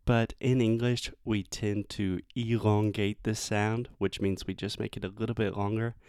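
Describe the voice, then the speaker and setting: A man with a Southern US accent, an English teacher giving pronunciation feedback and slowly modelling the sounds. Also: on the low side, level tone, a little mellow, clean tone, no room sound, clean studio sound.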